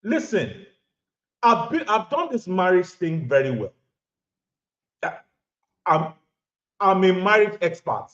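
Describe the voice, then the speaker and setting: A man's voice: high voice, big pitch swings, takes it slowly, pauses often, a bit bright. A man in his thirties or forties from Nigeria, with a Nigerian accent, lecturing viewers emphatically and repeating lines for stress. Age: 30s to 40s. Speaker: vlogger giving relationship advice. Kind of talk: lecturing monologue to camera. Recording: roomy, dull lo-fi audio.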